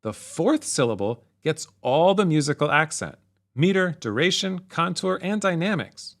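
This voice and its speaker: A man narrating a music theory lesson, explaining in a clear, measured way. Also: a little high, lively intonation.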